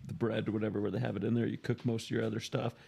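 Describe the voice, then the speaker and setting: Gravelly relaxed man, easygoing podcast guest. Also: lowish voice, racing, soft background music. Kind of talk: casual chat.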